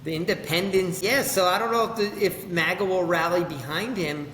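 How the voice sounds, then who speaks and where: A man with a fairly high voice co-hosts a casual political chat, probing with skeptical questions. His voice rings in a roomy space with a long reverb tail and a faint hiss behind it. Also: moderate pace, a bit bright. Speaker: podcast co-host. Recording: echoey room with long reverb, faint noise.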